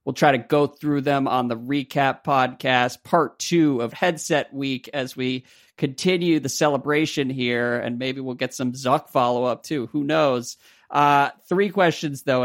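Wry man hosting a podcast. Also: medium pitch. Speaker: podcast host. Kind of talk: casual podcast chat and reading listener mail.

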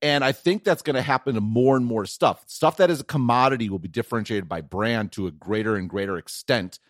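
A middle-aged man from Wisconsin with a Wisconsin accent, co-hosting a tech podcast in animated casual chat, full of restarts and quick "right?" checks. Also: mid-range voice, dry recording, studio quality. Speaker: podcast co-host, tech analyst.

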